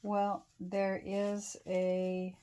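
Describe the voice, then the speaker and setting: A woman's voice: mid-range voice, completely flat delivery, drawn-out words, warm tone. A middle-aged woman from Canada chatting casually with lots of fillers and restarts while she works on a craft project in her home studio. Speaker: craft vlogger.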